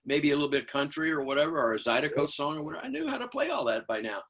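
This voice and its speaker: Rapid-fire and on the high side, an older drummer from Houston, Texas, tells stories as a guest in an interview. He's animated, acting out quotes and scat-singing drum beats.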